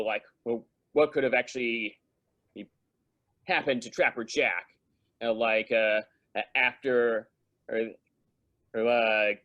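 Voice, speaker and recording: A man's voice: mid-range voice, fairly bright tone. Hesitant man asking fan questions. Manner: hesitant, many fillers. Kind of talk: casual chat.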